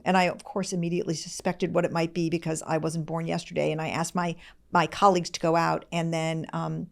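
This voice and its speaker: A middle-aged woman hosting a podcast, talking fast, candid and expressive, close to tears as she speaks. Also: low voice, gravelly. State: tearful, close to crying. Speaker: podcast host. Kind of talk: conversational podcast talk.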